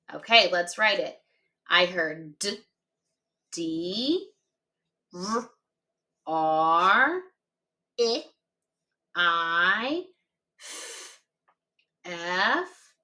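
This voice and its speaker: A woman's voice: a little high, sharp tone. A woman teaching a phonics lesson to young children, patiently sounding out letters and words one at a time and encouraging her listeners. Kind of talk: slow, clearly enunciated phonics lesson for children.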